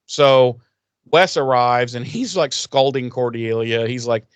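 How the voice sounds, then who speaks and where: A man co-hosting a podcast, casually recapping an episode with lots of swearing and quick acted-out quotes. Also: mid-range voice, clean tone, no echo. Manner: profane, animated retelling with voiced quotes. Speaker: podcast co-host.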